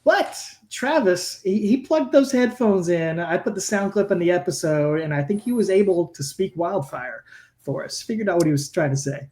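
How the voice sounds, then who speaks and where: A man co-hosting a podcast, chatting in a relaxed, casual way. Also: medium pitch, moderate pace. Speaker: podcast co-host.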